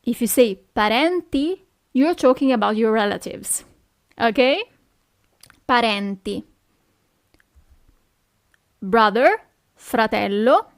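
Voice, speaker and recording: Slow, careful Italian woman teacher. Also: a little high, animated, no room sound, clean studio sound. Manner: repeats each word slowly and carefully, checks with "ok?". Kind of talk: slow, clear language lesson.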